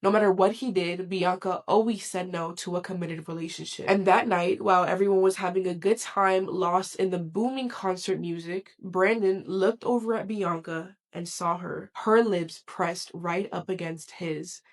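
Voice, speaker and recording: A woman narrating a true crime story in a slow, dramatic, measured way, her volume swelling and dropping. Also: fairly low pitch, steady tone.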